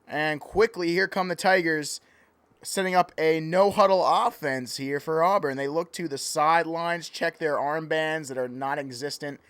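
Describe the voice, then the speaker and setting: A man's voice: a little high, moderate pace, a bit bright, clean tone, no echo. A man calling play-by-play in a joking mock sports broadcast, playful and easily sidetracked. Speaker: play-by-play commentator.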